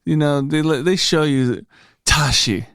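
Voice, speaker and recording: A man's voice: fairly high pitch, a little slow, vocal fry, no room sound, studio quality. Easygoing male podcast co-host. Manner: relaxed, agreeable, keeps saying "right". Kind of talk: casual movie chat.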